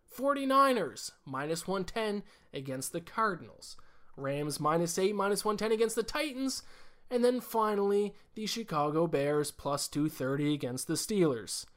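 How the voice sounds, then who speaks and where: A man putting on an old-school male radio sports announcer voice, drawing out each word in a slow, exaggerated broadcast style. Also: high voice, animated, a bit bright. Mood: hammy.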